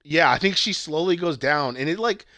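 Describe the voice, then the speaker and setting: Animated young man retelling a movie. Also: on the high side, normal speed, no echo. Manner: animated retelling, acting out quotes, swearing. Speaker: podcast co-host. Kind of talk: casual movie review chat.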